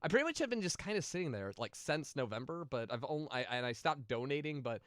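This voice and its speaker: On a livestream with clean studio sound and no room sound, a man talks quickly in a mid-range voice with big pitch swings. He answers viewer questions he's read aloud in a rambling, profane, casual manner, with many fillers and restarts, and grows emotional and sensitive now and then.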